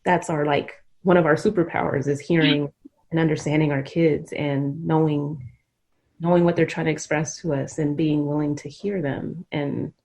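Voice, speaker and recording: Low-pitched middle-aged lady podcast host, earnest and rambly. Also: level tone, moderate pace, darkish tone. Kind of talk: emotional conversational interview.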